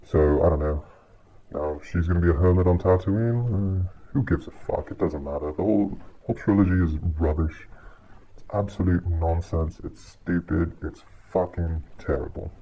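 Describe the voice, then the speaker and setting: On his channel, a man reviews a movie in an exasperated, profane rant, sighing frequently between points. He speaks at a moderate pace in a low-pitched voice with fairly even intonation, recorded in dull lo-fi audio carrying a faint hiss.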